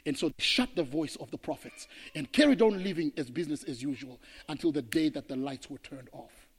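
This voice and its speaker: A man from Zimbabwe, a pastor preaching an impassioned sermon that swings between loud declarations and hushed passages. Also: fairly high pitch, lively intonation, brisk, breathy edge, big-room sound.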